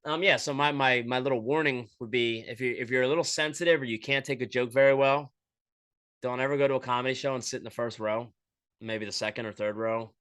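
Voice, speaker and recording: A young man hosting a podcast, telling a story in a profane, animated way and quoting voices as he goes. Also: mid-range voice, a little fast, clean tone. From Florida, USA. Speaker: podcast host. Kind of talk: casual storytelling monologue.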